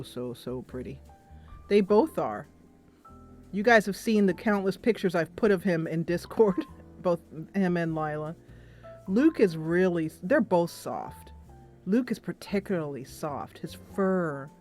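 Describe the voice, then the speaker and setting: A woman's voice: fairly low pitch, darkish tone. A young woman hosting her gaming livestream, chatting casually and laughing often. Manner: chatty and giggly, with frequent laughs. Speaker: gaming channel host.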